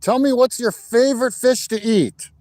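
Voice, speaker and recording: A man's voice: extremely high pitch, normal speed, mellow, no echo. A man hosting a casual live stream outdoors on a frozen lake, greeting viewers by name, recorded on a phone mic in the wind. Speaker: livestream host. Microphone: phone mic without plugged-in mic, wind noise.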